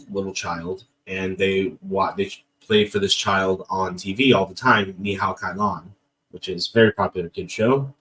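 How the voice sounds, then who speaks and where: A man telling a story in casual podcast chat, jokey and self-mocking, with plenty of restarts. His voice sits fairly low. He sounds a little away from the microphone. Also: fairly bright tone, far from the mic, poor audio. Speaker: podcast guest.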